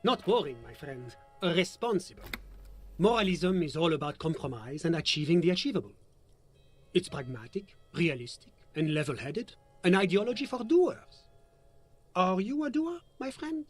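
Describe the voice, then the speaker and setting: Genial lecturing moralist, game voice, kinda high. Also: male voice, expressive, normal speed. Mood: persuasive. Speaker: game character. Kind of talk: voiced video game dialogue.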